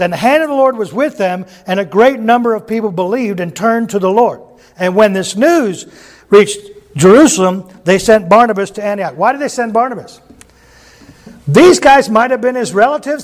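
Pastor, male, high voice, casual joking sermon delivery, keeps checking in with listeners. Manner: folksy, joking, asks the audience questions.

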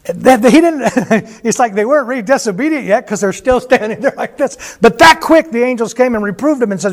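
A man teaching the Bible in a conversational way, animated and chuckling as he retells stories. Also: extremely high pitch, fairly quick, few pauses.

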